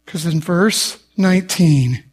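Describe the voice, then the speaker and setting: A middle-aged male pastor preaching a sermon, telling the story with humor and acting out the people in it, and rising to shouts for emphasis. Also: fairly high pitch, slow pace, breathy edge. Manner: animated storyteller, acts out voices with humor.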